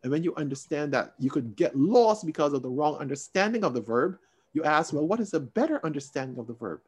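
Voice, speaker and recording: A man with a fairly high voice teaching a Bible study over a video call. He talks in an expressive, emphatic way, lifting his voice to stress a point and then dropping into quiet asides. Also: fairly quick, husky. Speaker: Sunday school teacher.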